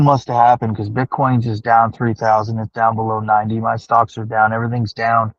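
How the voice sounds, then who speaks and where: Low-voiced man ranting while driving. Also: monotone, fairly quick, few pauses, no room sound, highs cut off. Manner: profane, ranting, thinking aloud. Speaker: livestreamer talking to chat. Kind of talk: casual rambling monologue. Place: in a car driving home.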